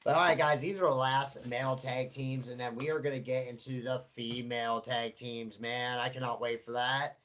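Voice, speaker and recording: A man's voice: medium pitch, fairly even intonation, normal speed, hardly any pauses, a bit bright, a little hiss or hum. A man hosting a casual vlog, chatty and rambling with many fillers and offhand swearing. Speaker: host. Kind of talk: casual tabletop wrestling draw vlog.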